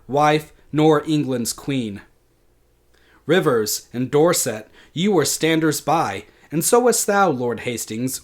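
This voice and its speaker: A man's voice: medium pitch, natural voice. A vengeful old queen casting curses, read by a man. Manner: slow, deliberate dramatic reading of verse. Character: bitter deposed old queen hurling curses. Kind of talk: dramatic reading in a lecture.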